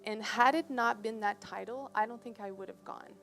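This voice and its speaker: A woman's voice: fairly high pitch, normal speed, gravelly, fairly bright tone, faint music behind. A woman giving a talk, telling a personal story in a conversational way and often checking in with her listeners. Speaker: presenter. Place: presentation on a cruise ship.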